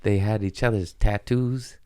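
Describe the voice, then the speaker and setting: A man's voice: lowish voice, steady tone, unhurried, dark tone, clean tone. A young adult man hosting a comedy podcast, rambling through crude jokes and laughing at himself. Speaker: podcast host. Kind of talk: casual comedic monologue.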